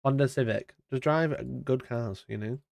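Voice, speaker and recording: A British man hosting a casual live stream, chatty and mock-indignant, talking into a boom-arm mic. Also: a little slow, gravelly, a little mellow, dry recording, studio quality. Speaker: streamer host. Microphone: studio mic on boom arm.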